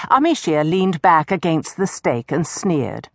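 A woman narrating an audiobook in a measured, expressive way. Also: sits low, dry recording, studio quality.

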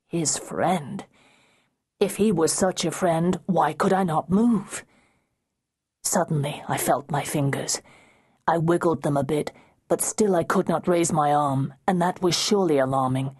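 A woman reading a historical novel aloud in the first person, in a measured, deliberate way. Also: low voice, darkish tone, slightly rough. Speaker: audiobook narrator. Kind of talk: first-person audiobook narration.

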